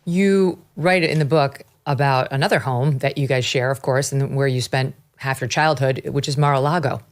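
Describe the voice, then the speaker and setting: A woman's voice: a bass voice, fairly even intonation, normal speed. A woman hosting an interview who frames her questions with her own commentary. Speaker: host. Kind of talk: conversational interview.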